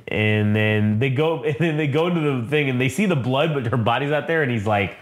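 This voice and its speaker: A man's voice: mid-range voice, fairly quick, few pauses. A man casually recapping a comic book for a podcast, rambling, swearing freely and reading the characters' lines aloud with lots of filler words. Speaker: podcast co-host.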